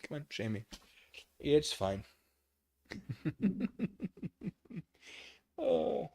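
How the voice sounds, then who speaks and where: A man's voice: a little high, wildly swooping pitch, very slow, creaky, a little mellow. A man streaming from his living room, chatting casually and reading chat aloud, rambling and self-deprecating.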